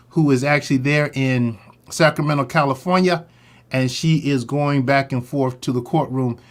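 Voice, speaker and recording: A man hosting a morning livestream in a casual, chatty way, greeting viewers by name and repeating his catchphrases. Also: mid-range voice. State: a little out of breath. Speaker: host of a morning drama-recap livestream.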